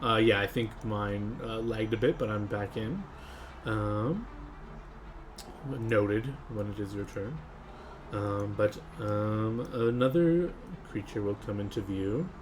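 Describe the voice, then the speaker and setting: A man narrating as game master of a tabletop game stream, relaxed, laughing often, with plenty of fillers. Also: on the low side, takes it slowly, background noise.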